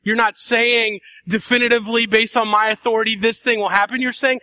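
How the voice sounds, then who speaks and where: A man preaching a sermon, dramatic, acting out voices and shifting between soft and loud passages. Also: extremely high pitch, steady tone, normal speed, no echo. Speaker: pastor.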